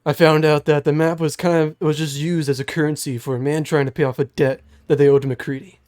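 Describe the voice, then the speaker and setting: Young man playing secretive old mage in a tabletop game: grave, measured, a bit groggy, voice still sits fairly high. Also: little pitch movement, darkish tone, lightly acted. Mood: guarded. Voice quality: slightly lowered, groggy-sounding voice. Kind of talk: game master voicing a character.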